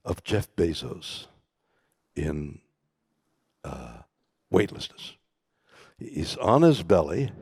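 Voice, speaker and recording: An older man telling a story as a keynote guest on stage, theatrical, dropping from loud bursts into hushed whispers. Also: low voice, vocal fry, husky, dry recording, clean studio sound. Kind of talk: dramatic storytelling conversation. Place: conference stage.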